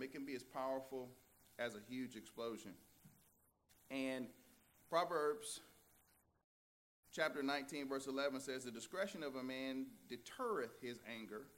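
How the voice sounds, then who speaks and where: A man preaching a sermon, telling a folksy story and animatedly laughing along with it before turning to scripture. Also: mid-range voice. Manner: folksy, many fillers and restarts. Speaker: pastor.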